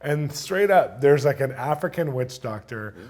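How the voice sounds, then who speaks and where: A man's voice: medium pitch, moderate pace. Man telling a wild story with laughter. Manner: excited, laughs through the telling, acts out voices. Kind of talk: animated storytelling.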